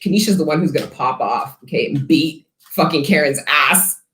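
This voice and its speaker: A woman's voice: sits low, normal speed, fairly bright tone. A woman giving a collective tarot reading, talking bluntly and profanely with rambling asides. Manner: rambling, self-interrupting asides. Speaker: tarot reader. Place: her studio. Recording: echoey room.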